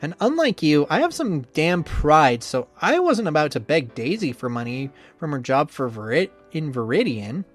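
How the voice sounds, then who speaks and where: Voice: mid-range voice, big pitch swings, moderate pace, hardly any pauses, soft background music. A reader doing a sneering, bitter young rival man. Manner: sneering, swears often. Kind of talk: visual novel voice acting.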